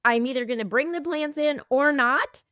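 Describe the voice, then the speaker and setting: A woman in her fifties, an eating disorder specialist, explaining gently in a casual podcast conversation and acting out little example dialogues. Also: high-pitched, moderate pace, no room sound, studio quality. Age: 50s.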